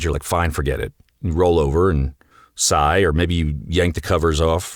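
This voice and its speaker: A man's voice: low voice, dry recording, clean studio sound. A man hosting a solo podcast, talking directly and coaching his listeners, often acting out bits of dialogue. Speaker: podcast host and marriage coach.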